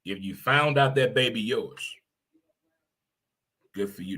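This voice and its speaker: A middle-aged man hosting a casual talk show, animated and quick to laugh, swearing casually. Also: mid-range voice, slightly rough. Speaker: show host.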